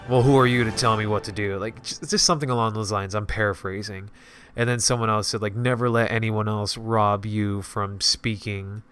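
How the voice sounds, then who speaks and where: A man hosting a casual solo podcast with a stuffy nose, talking in a halting way with lots of restarts. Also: fairly low pitch, fairly bright tone, clean tone. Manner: halting, many fillers and restarts. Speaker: podcast host.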